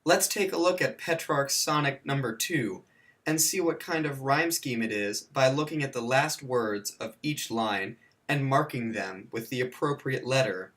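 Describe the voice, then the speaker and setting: A man's voice: mid-range voice, a bit bright. A man narrating a scripted video lesson, slipping in dry jokes and mock self-corrections. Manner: counts and spells out points slowly. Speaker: teacher.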